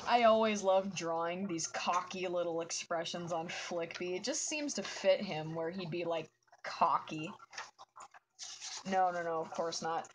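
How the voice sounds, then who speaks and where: A woman's voice: lowish voice, a little slow, a little hiss or hum. A young woman streaming her drawing and chatting with viewers in a casual, giddy way. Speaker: art streamer. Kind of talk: casual chat while drawing.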